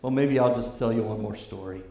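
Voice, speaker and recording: Male preacher from California, chatty storytelling sermon, mid-pitched voice, roomy echo. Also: brisk, vocal fry, a crowd in the background. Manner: conversational, animated storytelling with fillers.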